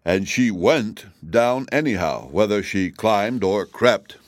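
A man voicing a gruff old male cab horse in an audiobook reading. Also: lowish voice, lively intonation, takes it slowly, no room sound. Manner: gruff, chuckling.

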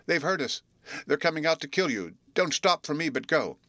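A man's voice: medium pitch, brisk, a bit bright, no echo, natural voice. A man voicing a frightened, barefoot boy of about ten who pleads in a trembling voice. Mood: frantic.

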